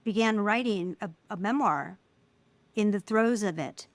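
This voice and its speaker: A middle-aged woman speaking as an interview guest, telling personal stories in an animated way and acting out the voices of people she quotes. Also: medium pitch, a little slow, no room sound. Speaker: guest, filmmaker. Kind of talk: casual interview conversation.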